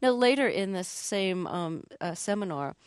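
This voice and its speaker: A woman's voice: medium pitch, lively intonation, normal speed, clear, resonant tone, no echo, studio quality. A woman interviewer who asks curious questions and laughs easily. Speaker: interviewer, host. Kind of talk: radio-style interview.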